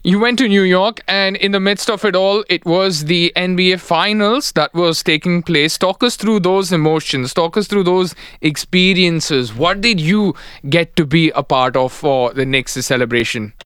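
A male radio host with a smooth, resonant voice that sits a little high for a man. He talks with effusive enthusiasm, and the studio sound is close and dry with no room echo. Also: moderate pace, fairly bright tone. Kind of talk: radio talk show hosting.

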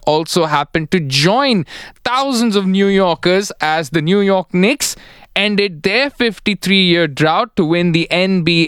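A male radio host with a smooth, resonant voice that sits a little high for a man. He talks with effusive enthusiasm, and the studio sound is close and dry with no room echo. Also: a bit bright. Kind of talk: radio talk show hosting.

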